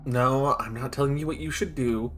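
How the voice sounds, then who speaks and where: A man reading aloud as an uneasy younger brother, halting and hesitant. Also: mid-range voice, a crowd in the background, close to an everyday voice. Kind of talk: reading game dialogue aloud.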